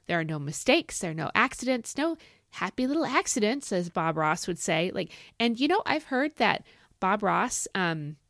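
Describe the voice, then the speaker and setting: A middle-aged woman hosts a Bible teaching podcast, animated and excitable, folksy in her talk. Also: medium pitch, moderate pace, dry recording, clean studio sound. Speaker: podcast host.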